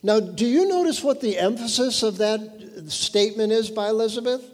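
A man preaching a sermon, earnest and emphatic, dropping lower and quieter when he reads scripture. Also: normal speed. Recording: long hall reverb.

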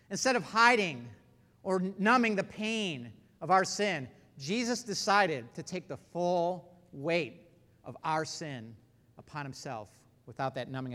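A man preaching a sermon, reading scripture and explaining it, with earnest emphasis that swings between loud stresses and hushed, low passages. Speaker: pastor. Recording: long hall reverb.

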